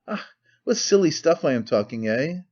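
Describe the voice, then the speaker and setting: A man's voice: a little high, big pitch swings, moderate pace, darkish tone, breathy edge. A man playing a bitter, tormented young man who speaks wearily and breaks into despair, in a slightly muffled recording. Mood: weary. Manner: weary, brooding, bursts of despair.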